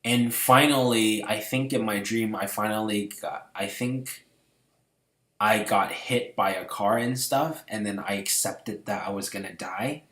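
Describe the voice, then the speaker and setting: A man casually telling stories about his dreams to camera, rambling with many fillers and swinging between hushed and loud. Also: on the low side, a little slow, echoey room. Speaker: vlogger. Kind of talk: casual storytelling.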